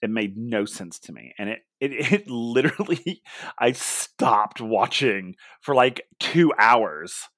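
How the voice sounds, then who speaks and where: A man co-hosting a casual wrestling podcast, venting in a rambling, animated way with lots of restarts and mock quotes. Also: medium pitch, slow pace, dry recording, clean studio sound. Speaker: podcast co-host.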